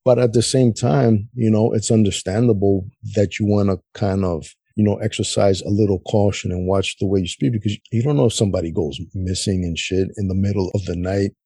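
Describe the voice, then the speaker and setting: Guy on a podcast, low husky voice, cussing a lot, laid back, dry close sound. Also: steady tone, a little fast, few pauses, warm tone, dry recording. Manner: blunt, heavy swearing, says "man" often. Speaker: podcast co-host. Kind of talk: casual political chat.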